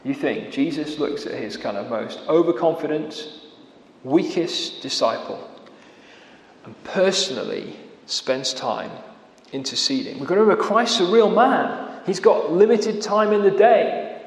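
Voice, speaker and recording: A man preaching a sermon, earnest, slowing down to stress key words and dropping to a quiet voice at the ends of phrases. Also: on the high side, very animated, slight background noise. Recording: echoey hall with long reverb.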